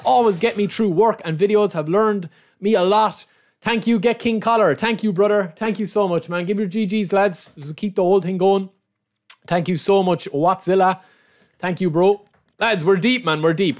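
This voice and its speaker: A high, lively male voice belongs to an excitable Irish gaming YouTuber opening card packs in live-streamed commentary. He repeats phrases and keeps addressing his viewers as lads.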